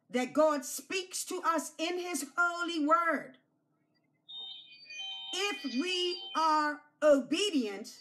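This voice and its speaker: A woman pastor giving an object lesson to children, slow and emphatic, repeating key phrases and coaxing them to say them back. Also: high voice, fairly bright tone. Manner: coaxes children to repeat after her.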